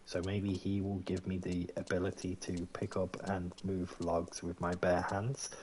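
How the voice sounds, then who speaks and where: A man's voice: deep voice, monotone, measured pace, darkish tone, a little hiss or hum. A man around forty giving chatty, joking gameplay commentary while thinking aloud. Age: 40s. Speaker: gaming YouTuber.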